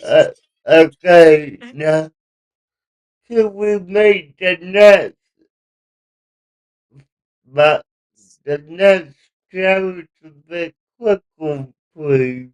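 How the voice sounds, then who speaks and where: Slow, smooth-voiced man at a game table. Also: sits high, a little mellow. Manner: slow, halting player. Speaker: player. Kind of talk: casual game chat.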